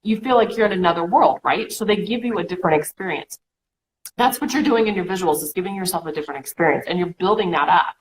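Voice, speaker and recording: A woman in her thirties talks through a coaching technique in a relaxed, animated way, checking in often with "okay?" Her voice sits a little low. A faint noise floor runs under the recording. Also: quick pace, low-quality recording. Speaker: co-host. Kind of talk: casual coaching chat.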